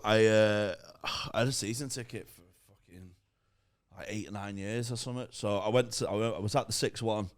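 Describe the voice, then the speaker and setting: A man's voice: on the low side, steady tone, a little fast. A man, co-hosting a casual chat and telling things in a laid-back, plain way. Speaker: podcast co-host.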